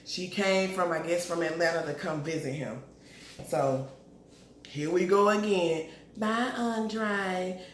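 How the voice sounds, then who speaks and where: Recapping a TV episode in casual slang, a woman vlogger acts out the characters' lines as she goes. Her voice sits low and her pace is measured. The room is echoey, with faint background noise.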